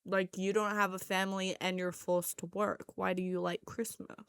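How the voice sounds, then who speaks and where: A woman's voice: mid-range voice, flat delivery, moderate pace, a bit bright, smooth, dry recording, clean studio sound. A young woman with a slight lisp recapping a movie casually, sarcastic and exasperated with mocking asides. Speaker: movie reviewer.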